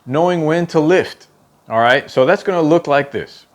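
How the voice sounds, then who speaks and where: A man's voice: fairly high pitch, moderate pace. A man teaching a drum technique, explaining step by step, counting aloud while he demonstrates, and often checking in with "okay?". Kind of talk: instructional demonstration.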